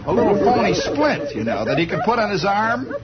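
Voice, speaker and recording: A man's voice: high-pitched, huge pitch swings, a little fast, over a noisy crowd. A man hosting a radio show, telling a comic monologue in a rambling, stammering way on a dull lo-fi radio recording. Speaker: radio talk show host.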